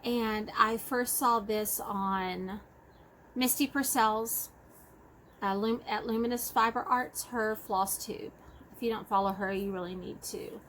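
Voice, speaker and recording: A woman's voice: medium pitch, steady tone, a little slow, a bit bright, slight background noise, poor audio. A woman with a Texas accent chatting casually about her cross-stitch projects, rambling and correcting herself as she goes. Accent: Texan. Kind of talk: casual show-and-tell chat.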